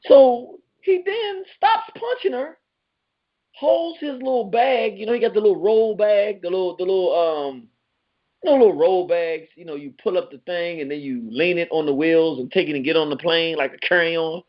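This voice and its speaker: Excitable D.C. man hosting lo-fi radio. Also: fairly quick. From Southeast Washington, D.C. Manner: excitable, pitch leaps up when telling the story; streetwise slang, repeats words while searching. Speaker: radio show host. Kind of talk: animated storytelling monologue.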